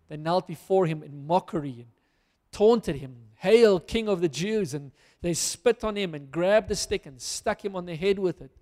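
A man with a high voice preaching a sermon, moving from scripture reading to earnest application for his listeners. His voice carries a long reverb from a large church hall. He speaks as a pastor addressing his congregation. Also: moderate pace, a little mellow.

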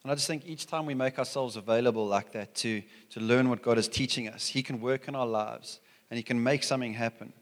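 A man's voice: medium pitch, brisk, hardly any pauses, big-room sound. A male preacher speaking in a reflective, encouraging tone, with small restarts. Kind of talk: sermon.

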